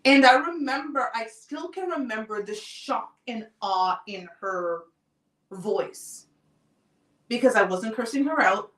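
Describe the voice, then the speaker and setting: A woman hosting a live talk show, telling a personal story in a calm, deliberate way. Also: a little high. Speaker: host. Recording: roomy sound, off-mic distance.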